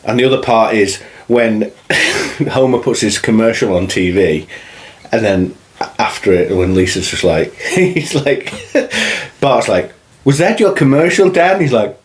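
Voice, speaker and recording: A man's voice: lowish voice, animated, measured pace, a little hiss or hum. A man co-hosting a podcast, joking and teasing his friend in casual banter. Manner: joking, teasing, breaks into laughter. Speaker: podcast co-host.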